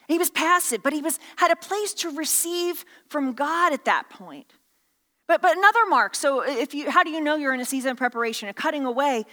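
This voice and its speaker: A woman's voice: sits high, pushed and bright, long reverb tail. A woman pastor preaching a sermon with playful, jokey asides and many restarts.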